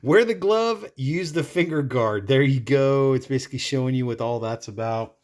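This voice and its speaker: An older man walks through a kitchen gadget in a casual review, his voice sitting at an ordinary middle pitch. He rambles and circles back, restarting phrases as he goes, with a chatty, offhand manner. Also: moderate pace, darkish tone. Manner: rambling, chatty, self-correcting. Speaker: product review host.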